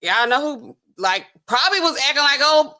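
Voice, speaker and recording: A woman pharmacist hosting a casual reaction commentary, talking in a sassy, colloquial, animated way. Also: normal speed. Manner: animated, sassy, colloquial, swings pitch for emphasis. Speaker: pharmacist host.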